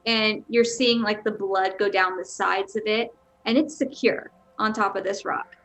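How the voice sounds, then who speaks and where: A woman's voice: medium pitch, steady tone, a little slow, fairly bright tone. A woman running a tabletop game as dungeon master, narrating scenes with frequent fillers and self-corrections.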